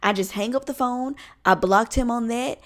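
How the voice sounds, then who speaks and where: A woman in her twenties telling a storytime on her vlog, animated and comic, with plenty of profanity. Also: fairly high pitch, normal speed. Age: 20s. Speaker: vlogger.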